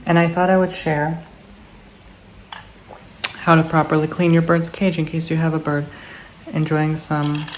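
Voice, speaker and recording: A man's voice: a little high, level tone, measured pace, pauses often, a little hiss or hum. A man vlogging casually at home, chatting to the viewer and cooing at his pets in baby talk. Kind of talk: casual follow-me-around vlog. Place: indoors at home, office area.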